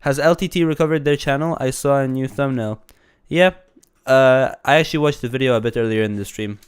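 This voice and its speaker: A man's voice: mid-range voice, a little fast, clean tone. A man with a slight cold, chatting casually as a streamer reacting to videos, rambling with lots of restarts and laughs. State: a bit congested from a cold. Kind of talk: casual live-stream commentary.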